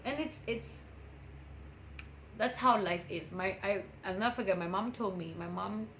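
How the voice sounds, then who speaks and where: A woman's voice: medium pitch, normal speed, a bit bright, slight background noise, poor audio. A woman in her twenties speaking candidly and emotionally in a personal motivational vlog, laughing often. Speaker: vlogger.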